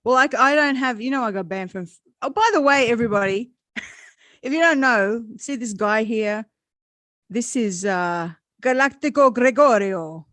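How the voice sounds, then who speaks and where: A woman's voice: on the high side, animated, normal speed, a bit bright, dry recording. A woman hosting a casual live-stream chat, rambling and laughing often. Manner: chatty, rambling, laughs a lot. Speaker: host.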